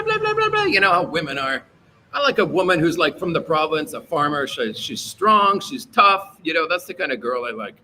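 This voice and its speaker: A man's voice: on the high side, bright, forceful tone, slight background noise. A man hosting a casual livestream, reading out chat and rambling through his opinions with many fillers.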